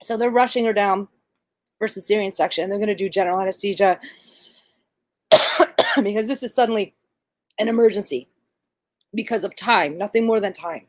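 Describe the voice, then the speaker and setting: A woman who works as a midwife and doula tells a birth story in an animated, conversational way, with plenty of fillers. Her voice sits at a middle pitch. The recording is dry and close. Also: normal speed, long pauses, dry recording.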